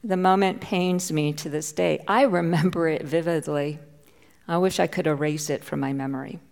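A middle-aged woman pastor gives a sermon built on a personal story, her voice slightly gravelly. She speaks with heartfelt feeling, at times falling almost to a whisper. The voice carries a long reverb from the sanctuary. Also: low-pitched, steady tone, normal speed, a little mellow. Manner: personal storytelling, heartfelt, drops to near whisper at tense moments. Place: church.

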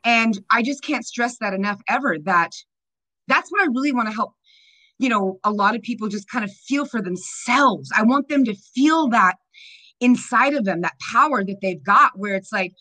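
Bright, upbeat woman on a call. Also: on the high side, animated, normal speed, poor audio. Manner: upbeat, emphatic, laughs often. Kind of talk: casual chat on a video call.

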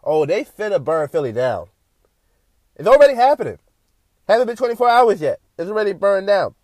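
A man's voice: sits high, big pitch swings, normal speed, darkish tone, dry recording. A man, hosting a podcast, speaking in a passionate monologue peppered with "you know" and mocking quoted voices. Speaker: podcast host. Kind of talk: impassioned monologue.

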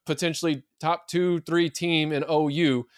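A man co-hosting a casual sports podcast, opinionated and animated, with many fillers and restarts. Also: a little high, unhurried, dry recording, studio quality. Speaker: podcast co-host.

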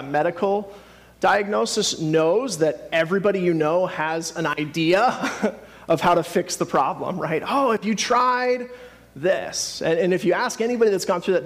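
A man in his thirties, a pastor giving a conversational sermon, hesitant with many fillers and restarts. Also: sits high.

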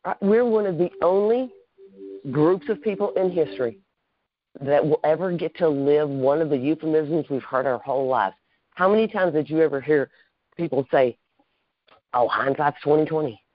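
A man's voice: fairly high pitch, normal speed. A man hosting a podcast, chatting with his guests in an earnest, reflective way. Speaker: podcast host. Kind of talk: casual interview chat. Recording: dull, dry sound.

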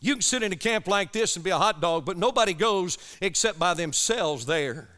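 A man's voice: sits high, animated, moderate pace, sharp tone. A man preaching an urgent, impassioned sermon to young people at a camp. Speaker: evangelist preacher.

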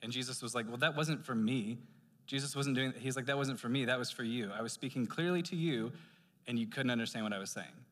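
A man preaching a sermon in a church, casual and animated, with strong sibilant s sounds. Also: mid-range voice, a little fast, big-room sound. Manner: conversational, animated preaching with asides. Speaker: pastor. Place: church sanctuary.

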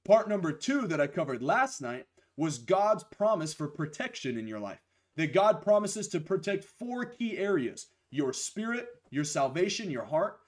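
A young man with a fairly high voice preaches a sermon over a live stream. His voice is a little hoarse after a week of preaching. He talks with conviction, slowing down to lean on the key phrases. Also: big pitch swings. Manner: emphatic, slows and stresses key phrases, greets viewers by name. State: losing his voice.

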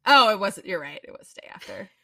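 A woman's voice: mid-range voice, very animated, fairly quick, pushed and bright, dry recording, distant mic. A woman co-hosting a casual podcast, playfully reasoning and laughing along with her co-host. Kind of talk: casual chat.

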